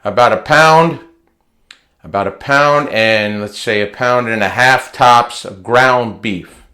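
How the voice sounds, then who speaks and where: A man walks through a home recipe in his kitchen. He takes his time and talks in a relaxed, unhurried way, folksy and chatty. He often repeats words and restarts phrases, in a mid-range voice. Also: medium pitch. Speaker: home cooking vlogger. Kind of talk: casual cooking demonstration.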